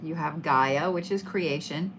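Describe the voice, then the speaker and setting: A middle-aged woman with a low-sitting voice gives casual, playful zodiac tarot readings at a measured pace, swearing freely, chatting away and hyping up her listeners. The background is noisy.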